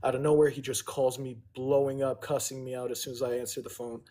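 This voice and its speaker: A man's voice: medium pitch, flat delivery, fast talker, mellow. A man on a livestream casually telling a long, profane story and owning his mistakes. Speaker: livestream host.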